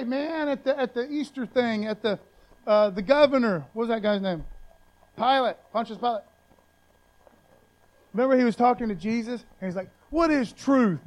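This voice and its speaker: A man's voice: high voice, darkish tone, poor audio. A man preaching a casual, conversational sermon, using loose slang and often checking in with his listeners.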